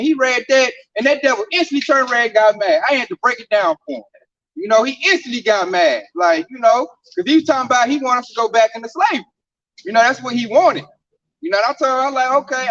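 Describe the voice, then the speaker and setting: High-voiced man telling stories off-mic. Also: a bit bright, no echo, far from the mic. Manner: storytelling, emphatic, slangy. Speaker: camp speaker. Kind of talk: informal scripture discussion. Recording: dull sound from off the mic.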